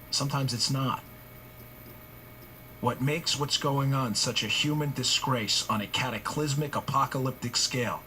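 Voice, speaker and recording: A man's voice: mid-range voice, bright, forceful tone, a little hiss or hum. A male talk show host in his forties delivering a heated political monologue, hammering points with repeated rhetorical questions.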